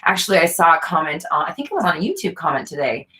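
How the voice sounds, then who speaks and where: A woman's voice: deep voice, very animated, racing, pushed and bright. A woman coaching viewers in casual talk, earnest and repetitive, thinking aloud with fillers. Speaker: manifestation coach answering viewer questions.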